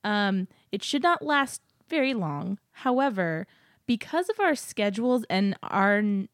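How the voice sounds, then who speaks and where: An upbeat woman co-hosting a podcast, chatting casually from a home studio. Her voice sits at an ordinary middle pitch, and the sound is close and dry with no room echo. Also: very animated, unhurried. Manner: chatty, upbeat, laughs often. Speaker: podcast co-host. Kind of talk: casual chat. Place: new apartment studio.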